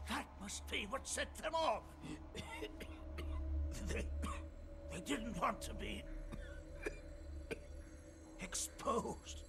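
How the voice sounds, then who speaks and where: A man's voice: very high voice, animated, extremely slow, gravelly, long pauses, over music, heavily acted. A coughing, desperate trapped man. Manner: interrupted by coughing fits.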